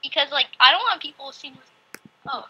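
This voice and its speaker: A bright, high-pitched female voice chats casually as co-host during a building session. She hums nonsense tunes and rambles onto side topics. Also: expressive, a little fast, lo-fi sound. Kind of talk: casual chat while coding a game.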